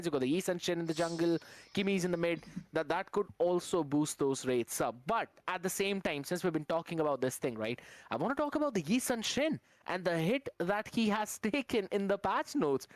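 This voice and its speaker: A man's voice: fairly high pitch, dry recording. A man giving live, analytical commentary as an esports caster at a tournament. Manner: steady, analytical, fond of fillers like "out here".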